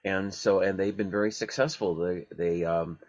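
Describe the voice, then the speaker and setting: A man hosting a radio talk show, talking in a halting way with many fillers and restarts. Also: sits low, steady tone, dry recording.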